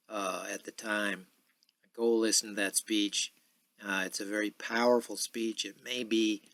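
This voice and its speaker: A man in his sixties hosting a podcast in a casual, rambling monologue full of filler pauses. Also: fairly low pitch, a bit bright, no echo. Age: 60s. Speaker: podcast host.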